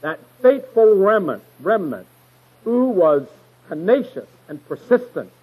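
Husky-voiced man teaching scripture emphatically. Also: sits high, sing-song, a little slow, mellow, low-quality recording. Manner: emphatic, stresses key words; folksy retellings of scripture. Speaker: Bible teacher. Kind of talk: verse-by-verse Bible teaching.

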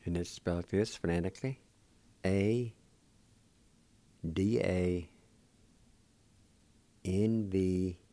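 Slow, patient male radio language teacher. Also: low-pitched, steady tone, warm tone, no room sound. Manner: patient, spells words out letter by letter and syllable by syllable; encouraging toward learners. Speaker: radio host teaching Cherokee words.

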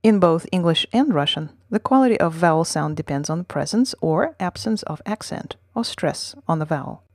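Female podcast teacher, deep voice, dry close sound, steady scripted explanation. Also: dry recording. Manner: measured, explanatory reading with model words. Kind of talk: scripted lesson reading.

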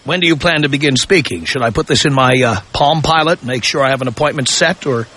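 A man's voice: medium pitch, fast, bright, forceful tone, husky. A man hosting a call-in radio talk show, brash and mocking, provoking his callers.

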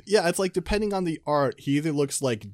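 Male co-host, fairly high and very lively, giggly game-chat, dry mic. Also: fast, no room sound. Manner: enthusiastic, giggly, trails off mid-sentence. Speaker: podcast co-host. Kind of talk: casual chat about a video game.

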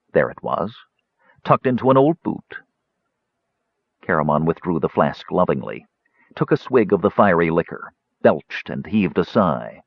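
A man with a very deep voice narrates a fantasy novel. His delivery rises and falls expressively. The recording is dry and slightly muffled. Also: no echo. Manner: expressive, varied storytelling. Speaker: audiobook narrator. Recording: dull dry studio recording.

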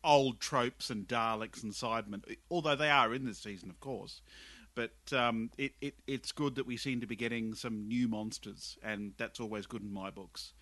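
Bright-voiced enthusiastic podcast host man. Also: mid-range voice, dry recording. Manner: enthusiastic, halting with repeated words. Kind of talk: casual podcast chat.

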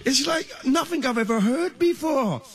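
A man puts on a high, squeaky voice for a nosy male questioner. His questions come out lively and prying. Loud music sits behind him. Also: normal speed. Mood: curious.

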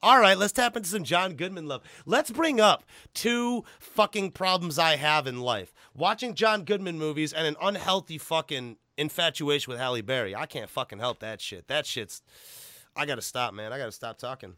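A man hosting a podcast in loose, casual chat, excitable and profane, breaking into loud laughs. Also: fairly high pitch, moderate pace, no echo, clean studio sound. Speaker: podcast host.

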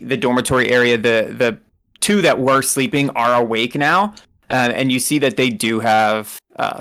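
A man's voice: medium pitch, fairly bright tone. A man narrating as game master in a casual, rambling way, laughing often.

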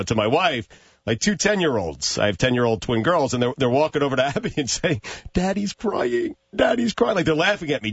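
A man's voice: mid-range voice, fairly bright tone, husky, no echo. A man in his forties, a sports radio co-host, talking in an emotional, rambling way. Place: radio studio. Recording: dull studio audio.

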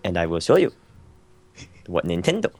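A man doing an impression of a formal male game executive, speaking in slow, deliberate phrases. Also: deep voice, very animated, darkish tone, faint music behind. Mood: grave, formal. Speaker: podcast guest.

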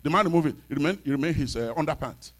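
A man preaching a sermon, telling stories in an animated way and building into shouted declarations. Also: fairly high pitch, very fast. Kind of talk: storytelling sermon, rising into shouted exhortation.

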